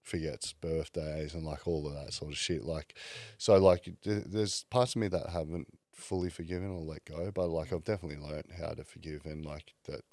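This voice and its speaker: A man's voice: very deep voice, fairly even intonation, moderate pace, hardly any pauses, darkish tone, no room sound, clean studio sound. A man, a podcast guest telling his life story in a casual, candid way, full of fillers and swearing. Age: 30s.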